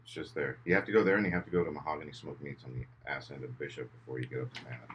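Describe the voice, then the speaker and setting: A man's voice: a bass voice, steady tone, very fast, fairly bright tone. A laid-back man co-hosting a live stream in casual chat, with short remarks and slang. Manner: laid-back, says bro, short interjections. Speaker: stream co-host.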